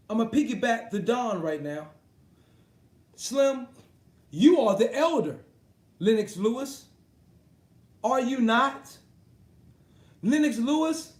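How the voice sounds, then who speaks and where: High-pitched man on a profane boxing rant. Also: darkish tone, roomy sound. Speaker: boxing commentator ranting to his live chat.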